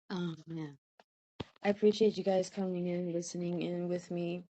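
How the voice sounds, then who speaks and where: A woman with a low, mellow, warm voice reads a fairy tale aloud on her podcast and chats about it afterward, gushing and laughing often. The recording is a little muffled and lo-fi. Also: little pitch movement, normal speed. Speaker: podcast storyteller. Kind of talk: storybook reading and casual chat.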